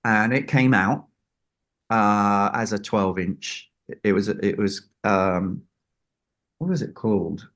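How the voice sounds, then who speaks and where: Speaking slowly in a fairly low, slightly bright voice, the record producer recounts an interview anecdote. He acts out each person he quotes.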